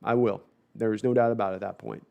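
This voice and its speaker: A man's voice: fairly low pitch, fairly even intonation, quick pace, vocal fry, a little mellow. A man hosting a casual live sports talk stream, reading viewer comments and rambling with self-deprecating asides and frequent restarts.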